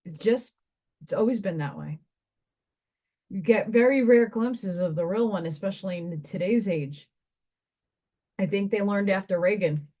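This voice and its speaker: A woman's voice: mid-range voice, measured pace, long pauses, mellow. A woman giving a spiritual card reader's monologue to her viewers, meandering and conversational and thinking aloud with asides.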